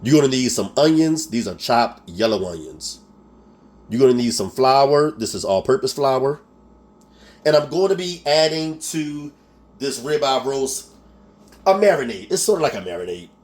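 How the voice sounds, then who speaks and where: A man's voice: medium pitch, very animated, moderate pace, a little mellow. A man with a Philadelphia accent hosting a home cooking tutorial. He talks casually, laughs at himself and often checks in with "okay?". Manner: chatty, laughs at himself, keeps asking "okay?". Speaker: cooking show host.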